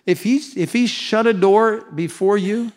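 Man, pastor, sermon, slightly high-pitched, animated, slow scripture reading, church congregation. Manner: animated preaching, mimics whining voices in a high pitch.

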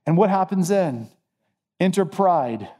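A man's voice: sits high, animated, slow, warm tone. A man preaching a sermon, earnest and emphatic, repeating phrases to drive points home. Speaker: pastor.

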